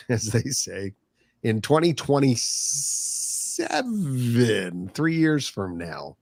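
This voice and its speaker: A man co-hosting a casual podcast chat, talking in a relaxed way with many restarts. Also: medium pitch, drawn-out words, no room sound, studio quality. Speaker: podcast co-host.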